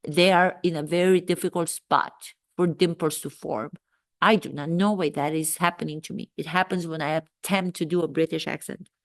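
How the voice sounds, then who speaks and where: A woman's voice: low voice, steady tone, moderate pace. A woman doing a comic impression of a vain, gushing duchess and former actress who rambles and name-drops. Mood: musing. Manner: rambling, self-absorbed, breezy name-dropping.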